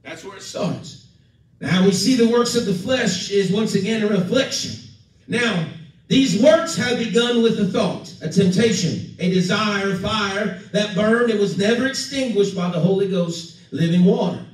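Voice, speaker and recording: A male pastor preaches with fervor, now and then acting out the voices of others and pausing for amens. His voice sits high for a man. He is heard from some distance, with heavy church echo all around him. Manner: preachy, emphatic, acts out quoted voices, calls for amen. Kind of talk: sermon. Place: church sanctuary. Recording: echoey church from far off.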